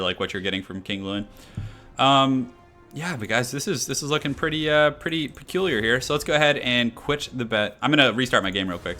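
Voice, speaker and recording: A man's voice: medium pitch, pushed and bright. A young man casually commenting on his live game stream, chatting loosely and answering chat as he goes. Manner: chatty, reads chat aloud, many fillers.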